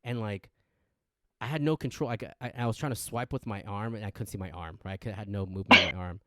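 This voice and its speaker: A man co-hosting a casual podcast, an animated storyteller who acts out quotes. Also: fairly low pitch, fast, no echo, studio quality. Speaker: podcast co-host. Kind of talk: casual chat.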